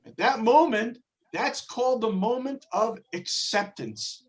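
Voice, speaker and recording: A man teaching a Torah class, telling a religious story in an animated way and shifting his voice for the quotes. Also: very high-pitched, measured pace, poor audio. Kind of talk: religious lesson with dramatic storytelling.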